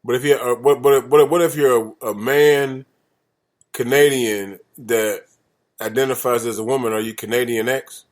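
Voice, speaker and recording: A man's voice: medium pitch, fairly even intonation, normal speed. A man co-hosting a radio talk show, joking and interjecting in casual chat.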